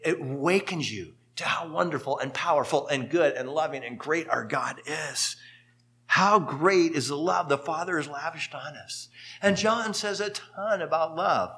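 A man preaching a sermon as pastor, telling stories with sudden lively rises in pitch and volume.

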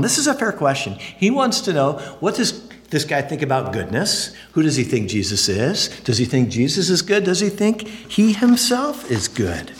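A male pastor preaches in an earnest, conversational manner, with a slightly higher voice. His pitch rises and falls widely from emphatic peaks to quiet lows. A long hall reverb trails his words. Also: sing-song, normal speed. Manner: earnest, conversational, swings between high emphatic and low quiet phrases. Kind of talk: sermon.

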